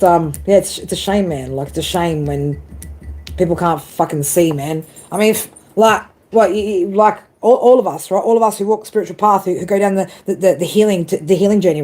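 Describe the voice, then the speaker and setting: A woman's voice: on the low side, fairly quick, mellow. A woman giving a casual live tarot reading, rambling and profane, tagging her sentences with "right?" and "man" and breaking into laughs. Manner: frequent laughs and self-corrections. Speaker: tarot reader.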